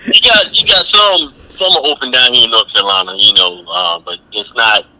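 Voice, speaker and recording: A man's voice: medium pitch, moderate pace, sharp tone, low-quality recording. A man, calling in by phone and chatting agreeably with the host, chuckling along. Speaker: guest calling in. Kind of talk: casual chat. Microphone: phone call.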